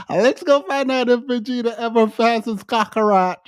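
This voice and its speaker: A woman's voice: on the high side, slow pace, no room sound, clean studio sound. A woman hosting a podcast, casually reacting to a clip, laughing often and mocking playfully. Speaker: podcast host.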